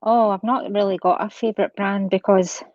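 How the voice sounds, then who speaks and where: A Scottish woman calling into a livestream, soft-spoken and modest in casual chat. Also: mid-range voice, fairly even intonation, normal speed, no room sound, dull audio. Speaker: livestream guest caller.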